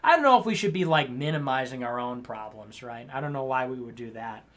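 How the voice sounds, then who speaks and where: A man's voice: medium pitch, lively intonation, fairly quick, a bit bright. A man hosting a casual livestream show, reading viewer messages and answering with teasing, mock-scolding asides and rambling restarts.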